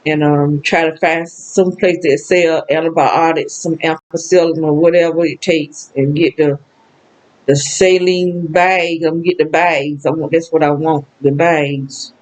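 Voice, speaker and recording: An older woman from the American South delivers a casual monologue alone to the camera, her low, slightly mellow voice steady and measured. Though sad, she rambles emotionally with many laughs and exclamations, all in poor audio.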